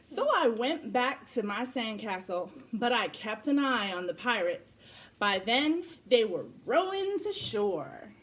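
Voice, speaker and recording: A woman reads a picture book aloud to children, her voice on the higher side and full of movement. She tells the story expressively, bringing each page to life. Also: big pitch swings, unhurried, a bit bright. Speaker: parent reading aloud.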